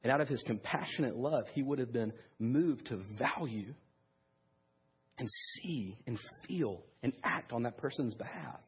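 A man with a husky, slightly breathy voice gives a sermon as if chatting with friends, loose and full of "like" and "um". The recording sounds dull and lo-fi. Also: medium pitch, measured pace. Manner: casual, conversational preaching with many fillers. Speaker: pastor. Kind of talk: sermon with storytelling.

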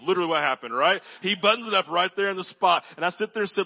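A man preaching a sermon as pastor, telling stories with animated delivery that drops to a low, intense hush. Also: racing, gravelly, hardly any pauses, highs cut off. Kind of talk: sermon with storytelling.

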